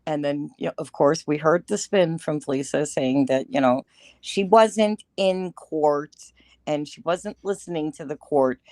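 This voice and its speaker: Speaking as a guest on a livestream, a woman with a low, warm voice takes her time, rambling through a topic with plenty of filler words. It's a casual commentary chat, and she's talkative and discursive. The studio recording is clean, with no room sound.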